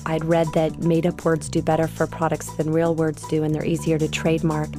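A middle-aged woman telling her founder story in an interview, lively and anecdotal. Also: low-pitched, brisk, music in the background. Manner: lively anecdotal storytelling, quotes herself and others. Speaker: guest, company founder.

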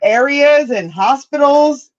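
A woman's voice: sits high, animated, slow, crowd noise. Joking woman from new mexico, banter on a podcast, kinda muffled audio. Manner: joking, puts on playful voices. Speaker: guest. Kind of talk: casual banter. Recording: dull lo-fi sound.

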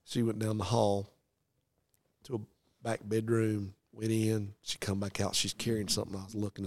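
A middle-aged man tells a story from his own life in an earnest, folksy preaching style. His low voice has a gravelly grain. The recording is close and dry, with no room sound. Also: level tone, normal speed, no room sound. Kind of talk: dramatic storytelling testimony.

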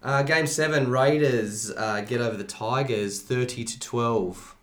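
A man, co-hosting a podcast in casual sports chat, blunt and animated. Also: medium pitch, measured pace. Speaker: podcast co-host. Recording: roomy studio echo.

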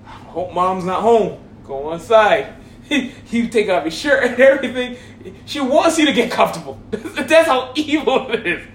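Man from Hawaii, very high voice, animated comic storytelling, laughing, roomy echo. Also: moderate pace, a little hiss or hum. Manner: animated, laughing through his words.

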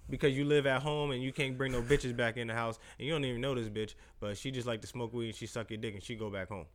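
A man co-hosting a podcast, telling stories in animated, profane slang during casual chat. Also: mid-range voice, fast talker. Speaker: podcast co-host.

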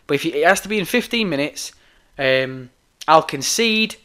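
A hoarse man putting on a cocky, trash-talking female wrestler who swears and brushes off a rival. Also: a little high, expressive, moderate pace, sharp tone. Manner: brash, sweary, dismissive.

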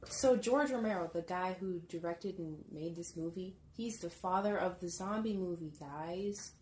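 A woman's voice: lowish voice, normal speed, darkish tone, a little hiss or hum. A young woman hosting a podcast, chatting casually and teasing her co-host as they watch a movie together. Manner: chatty, teasing, laughs often.

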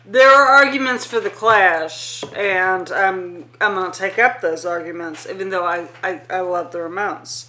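A woman's voice: lowish voice, unhurried, few pauses, sharp tone. A woman co-hosting a podcast from her dining room, opinionated and playfully argumentative, swearing freely in casual chat. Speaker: podcast co-host.

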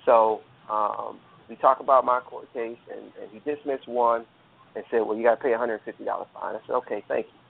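A man's voice: medium pitch, fairly even intonation, fairly quick, gravelly, breathy edge. A man earnestly telling a long personal story, rambling with fillers and restarts, over a phone line. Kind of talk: casual storytelling.

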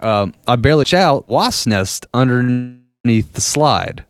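A man's voice: mid-range voice, expressive, slow pace, no room sound. A man in his thirties or forties casually telling rambling, profane stories and laughing at them as he goes. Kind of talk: casual storytelling chat.

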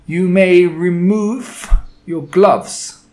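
A man voicing a harsh, snarling female witch ruler in a storybook reading, barking slow, loud commands in a hard, metallic, rasping voice. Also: sits high, voice pushed up. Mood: commanding. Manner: barking commands loudly and slowly.

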